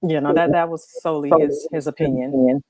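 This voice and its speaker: A woman who is a guest on a livestream talk show, speaking in a measured way with frequent ums. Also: low voice, over a noisy crowd. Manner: measured, even, many ums.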